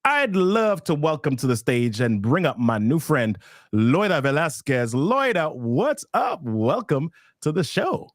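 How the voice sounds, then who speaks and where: A man hosting a live online workshop, talking with excitable energy as he introduces a guest and reads viewer names from the chat. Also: a little high, measured pace, no echo, clean studio sound. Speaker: host. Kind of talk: hyped live-stream hosting.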